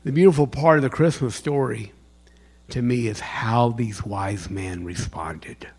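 A man giving a sermon as a chaplain, with dramatic storytelling, sudden loud bursts and hushed whispers. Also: medium pitch, measured pace, slightly rough.

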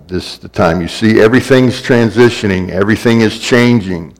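A man's voice: lowish voice, brisk, low-quality recording. A man preaching a sermon in a repetitive, building cadence that swells in places.

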